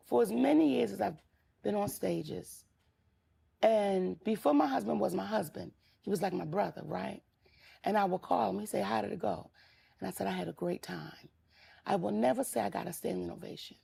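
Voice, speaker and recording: A woman's voice: medium pitch, gravelly, mellow, breathy edge. An older woman comedian talking in a casual chat, telling candid stories about her years on stage. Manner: candid, storytelling, emphatic. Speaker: guest comedian.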